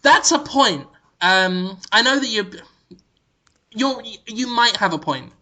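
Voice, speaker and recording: Podcast host, man, deadpan mock-serious delivery, bright and forceful tone. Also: high voice, slow pace. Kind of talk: casual podcast banter.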